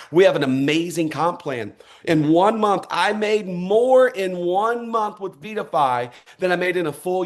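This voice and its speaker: A man in middle age gives a fired-up motivational talk to a sales crowd. His voice sits a bit high, and he speaks in punchy bursts with short rallying calls to action. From United States. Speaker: motivational speaker at a network marketing event. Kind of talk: energetic motivational speech.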